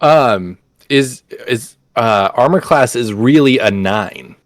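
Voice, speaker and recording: Lively man with a bouncy voice. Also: mid-range voice, slow, slight background noise. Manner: hesitant, laughing, lots of fillers. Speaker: player. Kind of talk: casual chat.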